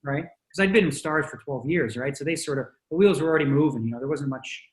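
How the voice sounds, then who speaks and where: A man's voice: a little high, fast, echoey room, low-quality recording. A man hosting a casual podcast, chatty and joking, talking loosely with plenty of fillers. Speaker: podcast host, poker pro.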